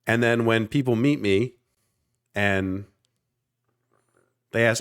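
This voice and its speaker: A man in his thirties from South Jersey, near Philadelphia, co-hosts a podcast in a lowish, steady, clean-toned voice, speaking slowly. Though his pace is slow, the chat is passionate and rambling, with an occasional swear for emphasis.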